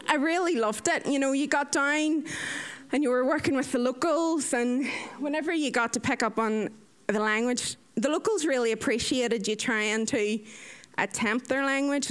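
An Irish woman in her thirties, a nurse, telling lively stories with frequent laughter and acted-out voices. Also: high-pitched. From Ireland. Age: 30s. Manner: lively, laughs often, acts out others' voices. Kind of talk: anecdotal storytelling.

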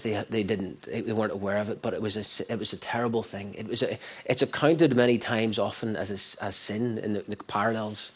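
Guy preaching, earnest, keeps repeating lines for punch, stumbles and restarts a lot. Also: fairly low pitch. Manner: earnest, repeats phrases for emphasis. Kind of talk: sermon.

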